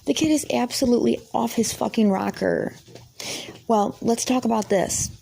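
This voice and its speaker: A woman's voice: fairly high pitch, normal speed, creaky, warm tone, a little hiss or hum. A woman vlogger telling an angry, rambling story to camera, swearing heavily and sounding indignant.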